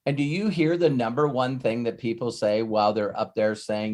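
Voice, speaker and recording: A male life coach leading a live session. He talks at an everyday middle pitch, circling his point with restarts and repeated words. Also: steady tone, normal speed, darkish tone.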